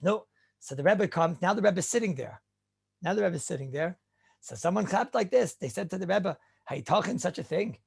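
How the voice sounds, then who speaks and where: A middle-aged man giving an animated halacha lecture full of rhetorical questions and Yiddish-laced terms. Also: high-pitched, moderate pace, vocal fry, breathy edge. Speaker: rabbi teaching halacha.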